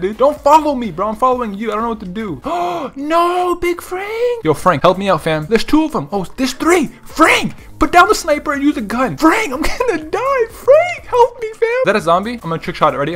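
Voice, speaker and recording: Excitable high-voiced young gamer guy. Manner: excitable, laughs and gasps often, repeats phrases. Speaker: gaming YouTuber. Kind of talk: excited gameplay commentary. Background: background music.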